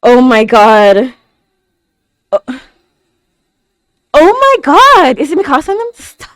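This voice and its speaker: A woman reacts aloud to an anime episode, her high voice leaping all over its range. She gasps, stammers and exclaims nonstop. The sound is close and dry. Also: big pitch swings, takes it slowly, no echo. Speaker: reaction video host. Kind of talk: live anime reaction commentary.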